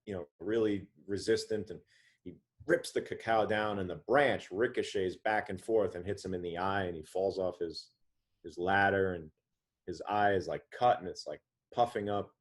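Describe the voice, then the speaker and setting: Deep-voiced man telling an animated story. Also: moderate pace. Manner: animated anecdote-telling with frequent restarts. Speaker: author and interview guest. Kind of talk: storytelling in a podcast interview.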